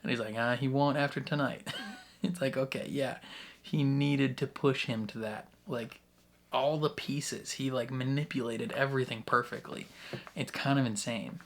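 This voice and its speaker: An excitable man talks through his reactions in a loose, rambling way. He laughs often between thoughts and restarts his sentences as he goes. His voice sits at an ordinary middle pitch. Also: moderate pace. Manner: rambling with many restarts and fillers. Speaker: YouTube reaction host. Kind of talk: casual reaction commentary.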